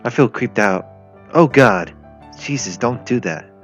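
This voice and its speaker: A man's voice: medium pitch, expressive, a little slow, a bit bright. A man voicing a young male German tank commander, sarcastic, flustered and grumbling. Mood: annoyed. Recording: lo-fi with faint music.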